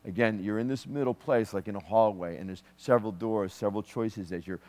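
Lower-voiced man ministering in church. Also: fairly quick. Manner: warm, conversational, joking asides.

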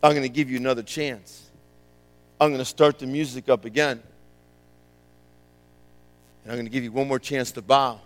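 A man voicing a haughty tyrant king who speaks in commanding, quick, threatening tones. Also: medium pitch, steady tone, voice pushed down, close to an everyday voice, poor audio. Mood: menacing.

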